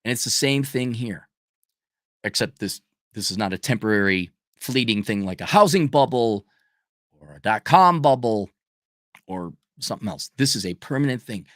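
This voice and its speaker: A middle-aged man ranting in a profane, mocking monologue, often mimicking people in a high falsetto. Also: expressive, moderate pace, dry recording, studio quality. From United States. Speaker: channel host.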